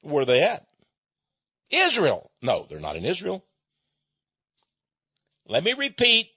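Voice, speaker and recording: A man's voice: a little high, huge pitch swings, takes it slowly, pauses often, pushed and bright, slightly rough, no echo. A man giving an emphatic, preaching-style monologue, stretching out key words, repeating himself and chuckling now and then. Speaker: speaker addressing listeners. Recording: dull lo-fi recording.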